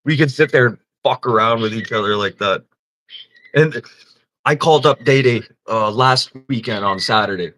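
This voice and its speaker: A man spins crude, lively anecdotes on his livestream, often cracking himself up. His voice has a sharp, bright edge that cuts through his casual chatter. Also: medium pitch. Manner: crude, animated storytelling, laughing often. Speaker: livestream host.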